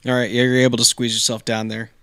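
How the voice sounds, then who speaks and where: A man's voice: medium pitch, flat delivery, fast talker, fairly bright tone, smooth, no room sound, clean studio sound. A man narrating as game master, loose and chatty, full of ums and likes, correcting himself as he goes.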